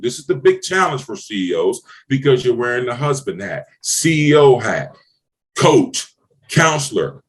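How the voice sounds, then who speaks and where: A middle-aged man giving blunt, preachy business advice in a podcast conversation, swearing freely and hammering his points home. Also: medium pitch. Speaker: business mentor. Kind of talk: motivational podcast talk.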